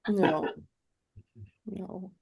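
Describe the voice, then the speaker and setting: Woman, video-call guest presenter; soft, reflective, halting delivery, mid-range voice. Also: medium pitch, vocal fry, husky. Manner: soft-spoken, reflective, trailing off and restarting. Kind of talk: casual video call chat.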